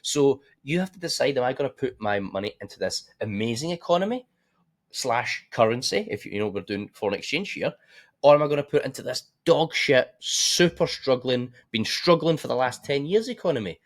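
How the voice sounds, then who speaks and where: A man's voice: medium pitch, expressive, brisk. A man explains forex trading over a screen share. He is blunt, swears freely and keeps checking in with the viewer. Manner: blunt, swears freely, talks straight to viewers with frequent "right?". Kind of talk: casual screen-share market analysis.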